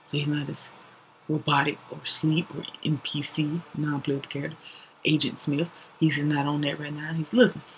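A woman's voice: low voice, brisk, a little hiss or hum, low-quality recording. A woman hosting a podcast, telling a story casually and acting out what people said, sometimes dropping to a whisper. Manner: animated, acts out quotes, drops to whispers. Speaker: podcast host.

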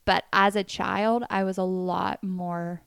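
A young woman chats casually with her sister and tells animated stories, breaking into laughter as she goes. Her voice is dry and close, with no room sound around it. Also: medium pitch, slow, creaky, clean tone, no echo. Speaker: co-host sister. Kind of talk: casual chat.

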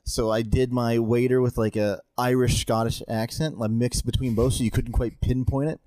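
A man's voice: mid-range voice, flat delivery, moderate pace, mellow, a little hiss or hum. A man, an actor, casually telling a story in chat and laughing at himself now and then. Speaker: actor, podcast co-host.

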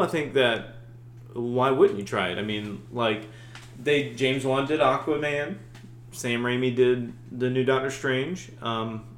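A man co-hosting a podcast in casual chat, animated and swearing freely, slipping into mock voices. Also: mid-range voice, roomy sound, slight background noise. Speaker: podcast co-host.

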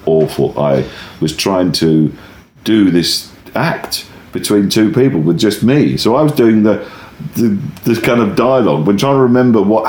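A man's voice: sits low, echoey room. A stand-up comedian, a man, telling a rambling anecdote in an interview, often breaking off and starting his sentences again. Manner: rambling, self-interrupting, animated anecdote teller. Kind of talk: conversational interview storytelling.

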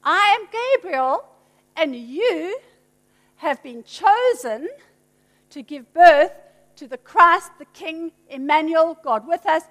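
A woman voicing a calm male angel, proclaiming slowly and reassuringly in a sermon retelling. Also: very high voice, exaggerated voice. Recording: long hall reverb.

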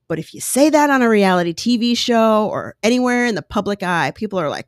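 Animated woman podcaster, lively pitch. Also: moderate pace, no echo, clean studio sound. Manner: animated, acts out quoted voices, candid. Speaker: podcast host. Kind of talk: solo podcast commentary. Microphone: podcast microphone.

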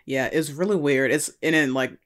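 A woman's voice: low-pitched, moderate pace. A young woman, chatting casually, laughing and acting out quotes. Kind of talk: casual podcast chat.

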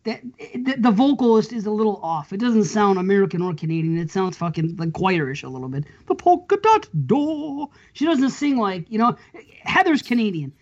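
A woman's voice: mid-range voice, expressive, a little fast, hardly any pauses, darkish tone. A woman hosting a podcast in casual chat, rambling, laughing often and swearing casually. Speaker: podcast host. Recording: muffled lo-fi audio.

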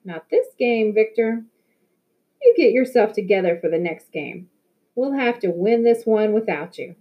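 A woman's voice: mid-range voice, lively intonation, unhurried, mellow, close to an everyday voice. A woman reading a storybook aloud, voicing a firm but caring adult woman who coaches a youth soccer team, speaking in a matter-of-fact way.

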